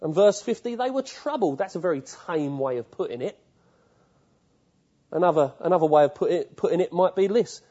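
Brisk but pausing often, a male preacher with a mellow, slightly high, somewhat husky voice gives a sermon full of vivid stories, regularly turning to ask the listeners questions. The audio is dull and lo-fi.

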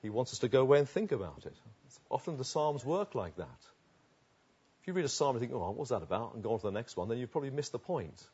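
A man's voice: medium pitch, big pitch swings, fast talker, a little mellow, husky, dull audio. A man preaching a sermon in an earnest, emphatic way, repeating phrases for stress. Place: outdoors.

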